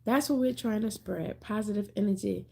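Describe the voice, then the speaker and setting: Husky-voiced chatty woman livestreamer. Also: medium pitch, a little mellow. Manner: chatty, playful, drawn-out emphatic repeats. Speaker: livestream host. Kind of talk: casual livestream chat reading viewer comments.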